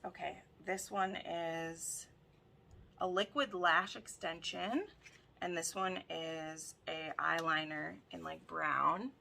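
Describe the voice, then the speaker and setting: Excitable woman vlogger, gushing unboxing chat, bright tone, slow delivery. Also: lowish voice, vocal fry, a little hiss or hum. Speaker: book video host.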